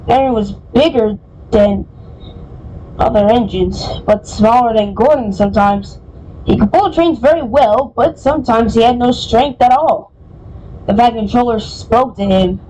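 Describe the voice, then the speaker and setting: A woman's voice: fairly high pitch, unhurried, warm tone, low-quality recording. A woman reading a children's storybook aloud, casual, often stumbling and correcting herself. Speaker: storybook reader.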